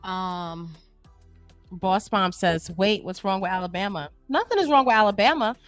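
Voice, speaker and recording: A woman from New York co-hosting a casual livestream, reading viewer comments aloud and chatting in an animated, laughing way. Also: medium pitch, clean tone, no echo, soft background music. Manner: animated, laughs often, drawn-out emphasis. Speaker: livestream co-host reading chat. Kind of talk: casual chat.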